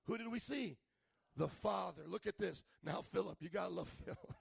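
A pastor in his thirties delivers a lively, joking sermon and sometimes shouts. His voice is high and strongly gravelly. The recording is dry and close. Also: normal speed, no room sound. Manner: animated and humorous, at times shouting.

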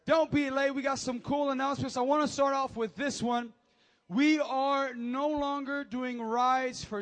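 A young man, a youth pastor, giving energetic, joking announcements and preaching to teens, often calling for amens. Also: very high-pitched.

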